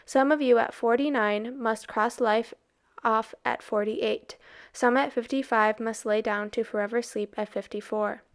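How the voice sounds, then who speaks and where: A woman's voice: a little high, steady tone, a little slow. Woman reading as a solemn, coaxing old stranger.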